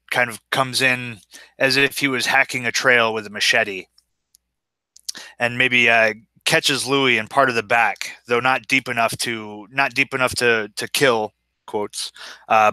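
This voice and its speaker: A man eagerly narrates his character's actions in a tabletop role-playing game and corrects himself as he talks. His voice is very bright and crisp, and the sound is dry. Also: medium pitch, no room sound. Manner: eager, rambling, self-correcting. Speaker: player.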